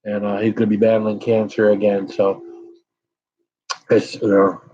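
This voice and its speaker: Mellow and lowish, the middle-aged American man's voice comes through dull audio with a completely flat delivery and moderate pace. He's hosting a relaxed live stream, chatting to viewers between sighs and blown-out breaths while chili peppers burn his mouth.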